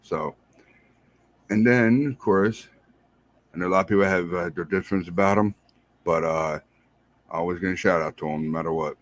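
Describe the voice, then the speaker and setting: A married man hosting a podcast, giving casual, rambling shout-outs to listeners and repeating himself in a friendly way. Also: deep voice, normal speed, pauses often, no room sound. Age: adult, married. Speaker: podcast host.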